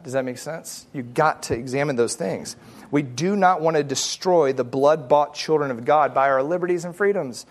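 A man teaching a Bible study in an earnest, conversational way, repeating phrases for emphasis and often asking whether his point makes sense. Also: fairly high pitch. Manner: earnest, checks in with listeners often.

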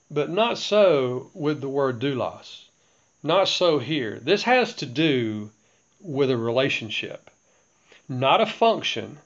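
A man delivering a sermon as a preacher, explaining scripture in a measured, emphatic way and pausing to ask his listeners questions. His voice sits in a middle range. The recording is somewhat dull and lo-fi. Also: mid-range voice.

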